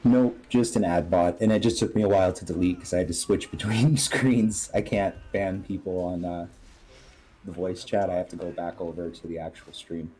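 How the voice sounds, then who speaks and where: A man's voice: low-pitched, steady tone, normal speed, warm tone, slightly rough, poor audio. A man on a stream voice chat, explaining things in a casual, matter-of-fact way.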